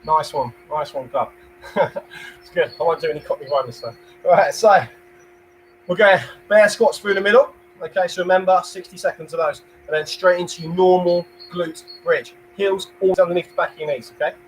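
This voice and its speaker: A man's voice: high-pitched, brisk, a little hiss or hum, rough recording. A young man with a London accent leading a live home workout class, counting down reps, cheering people on and cracking small jokes. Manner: upbeat, counts reps, jokey asides, cheers viewers on. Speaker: fitness instructor.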